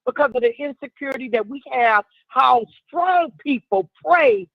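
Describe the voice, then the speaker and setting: A woman calling into a talk show and offering her opinion in a reflective, measured way. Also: high-pitched, lively intonation, creaky, dry recording, muffled recording. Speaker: caller.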